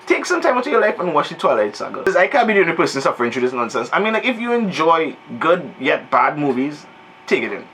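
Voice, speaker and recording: A man's voice: fairly high pitch, sing-song, fast, fairly bright tone, slight background noise, rough recording. A man in his thirties giving a comedic, profane, exasperated movie review rant. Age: 30s.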